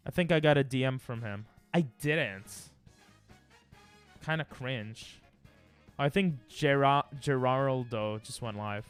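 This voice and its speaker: A man streaming live, chatting casually and playfully with his viewers, with sudden loud bursts. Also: medium pitch, moderate pace, smooth, soft background music. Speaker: livestreamer.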